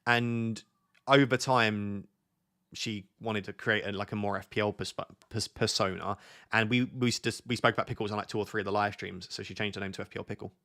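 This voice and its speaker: A young British man hosts a relaxed live stream and talks easily with his chat. His voice sits on the low side and has a gravelly, fry-laden texture. He keeps a loose, conversational flow as he answers viewers. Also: fairly quick. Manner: chatty, reads chat questions aloud. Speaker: streamer host.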